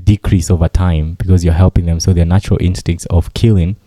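Deep, dark-voiced teasing co-host. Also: male voice, fairly quick, husky, dry recording. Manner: teasing, deadpan quips. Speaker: podcast co-host. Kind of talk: casual chat.

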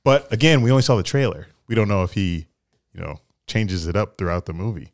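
A man with a lowish voice chats casually as a podcast co-host. He talks with lively energy and laughs his way through silly impressions. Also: fairly quick, no echo, clean studio sound. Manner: animated, breaks into laughing impressions. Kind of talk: casual chat.

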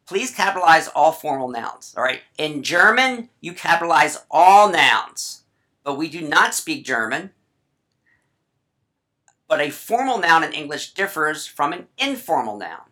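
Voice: mid-range voice, big pitch swings, a little slow, bright, forceful tone. A writing teacher giving a casual grammar lesson, chatty and full of asides, often checking in with "right?".

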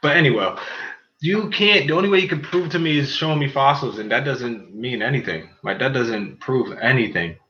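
Loud joking man, bright dull-sounding mic. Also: medium pitch, normal speed. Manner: loud, joking, argumentative, laughs often. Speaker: podcast host. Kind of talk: casual podcast banter. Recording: slightly dull sound with faint noise.

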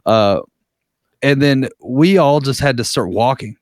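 A man tells a story in a loose, rambling way, swearing freely and leaning on filler words. His voice is mid-pitched and recorded dry and close. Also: unhurried, a little mellow, no room sound. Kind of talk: casual storytelling.

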